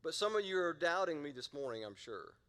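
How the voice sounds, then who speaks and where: A man's voice: a little high, very animated, fairly quick, fairly bright tone, long reverb tail. A middle-aged man, a pastor preaching a sermon in a playful, conversational way and drawing the congregation into call-and-response.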